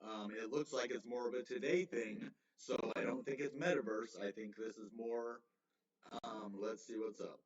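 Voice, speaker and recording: A man in a casual livestream, thinking out loud and tripping over his own words, laughing them off. His voice is mid-pitched and comes from some way off the mic. The room echoes, and the sound is slightly muffled. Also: fairly even intonation, normal speed. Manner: rambling, self-correcting, chuckles often. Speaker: crypto livestream host. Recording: roomy, distant, slightly dull mic.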